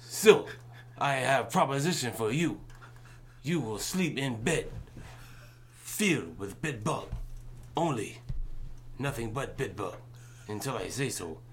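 Guy doing a stern foreign dude, fake accent, short broken english, kinda quiet. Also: medium pitch, lively intonation, slow pace, long pauses, slight background noise. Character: stern foreign man handing out a punishment.

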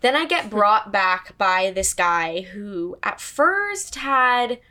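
A young woman in her twenties tells a story to her co-host, frank and swearing freely. She keeps slipping into the voices of the people she met. Her pitch sits mid-range for a woman. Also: takes it slowly. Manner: candid, swearing, animated quoting of others. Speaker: podcast co-host. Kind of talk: casual storytelling chat.

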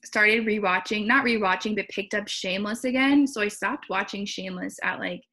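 Young woman on a podcast, bright sharp voice, rambly, lots of um and like. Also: mid-range voice, moderate pace. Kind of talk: casual chat.

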